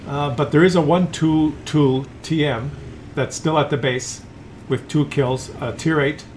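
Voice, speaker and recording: A man casually commentates a tank battle replay, chatting to his viewers and teasing the player he watches. His voice sits a little high for a man. A faint hiss of background noise runs under the recording. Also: fairly even intonation, measured pace, darkish tone. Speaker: game commentator.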